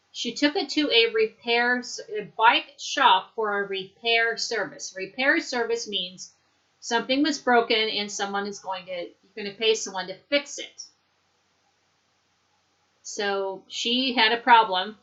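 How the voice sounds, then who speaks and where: A woman teaching an English lesson, modeling words slowly and clearly for students to repeat. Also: mid-range voice, pushed and bright. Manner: slow, clear drilling with modeled pronunciation. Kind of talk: recorded online language lesson. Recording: dull lo-fi recording.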